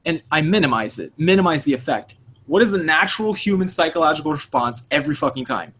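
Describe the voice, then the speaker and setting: A man's voice: on the high side, quick pace, slightly rough. A man co-hosting a podcast in casual chat, swearing freely and acting out the voices he quotes. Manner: animated, profane, acts out quoted voices. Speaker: podcast co-host.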